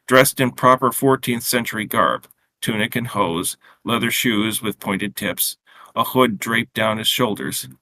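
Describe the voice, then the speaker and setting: A man reading his own short story aloud in a steady, unhurried way, with small slips and restarts. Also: medium pitch, a little hiss or hum.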